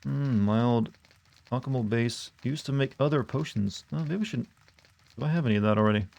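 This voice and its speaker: A man's voice: mid-range voice, brisk, gravelly, a little mellow, lo-fi sound. A man streaming a game, chatting casually and rambling with frequent restarts and asides. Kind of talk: casual gameplay commentary.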